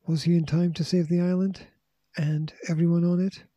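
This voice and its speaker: A man reading a children's storybook aloud in a steady, measured way. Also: fairly high pitch, no echo, muffled recording. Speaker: audiobook reader. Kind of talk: storybook narration.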